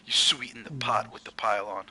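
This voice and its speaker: A man's voice: fairly low pitch, steady tone, a little fast, sharp tone, slight background noise, low-quality recording. A man commentating on a game in a casual, joking way, bantering with his co-hosts.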